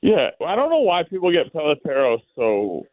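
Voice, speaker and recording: A man who played pro baseball, a guest giving thoughtful, halting answers in a casual interview. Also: on the high side, huge pitch swings, darkish tone, no echo, low-quality recording. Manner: thoughtful, halting, restarts phrases.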